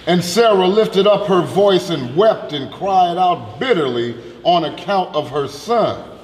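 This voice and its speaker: A man's voice: sits high, animated, a little slow, a little mellow, reverberant, long reverb tail. A man reading scripture aloud steadily. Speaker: scripture reader.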